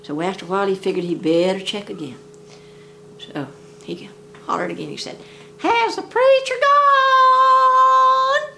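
A woman's voice: on the low side, fairly quick, vocal fry, slight background noise. An older woman telling folk jokes in a rambling, folksy dialect. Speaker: storyteller.

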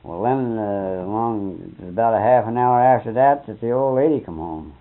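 A man's voice: on the low side, normal speed. An older man telling folksy, rambling anecdotes in a colloquial way, with mild oaths here and there. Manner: folksy, colloquial, swears mildly. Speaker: interviewee. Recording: tinny narrow-band old tape.

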